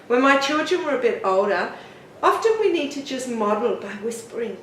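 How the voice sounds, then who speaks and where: A middle-aged woman, a parenting author and teacher, giving parenting tips in a gentle, encouraging way. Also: a little high, moderate pace, far from the mic, a little hiss or hum. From Australia. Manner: gentle, encouraging, expressive storytelling. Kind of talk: talking-head parenting tips. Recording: roomy room, mic set back, faint ambience.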